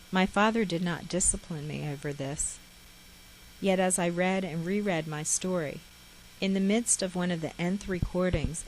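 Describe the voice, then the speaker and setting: A woman reading her own memoir aloud in a measured, reflective way. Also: fairly low pitch, a little hiss or hum, rough recording. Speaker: memoir author.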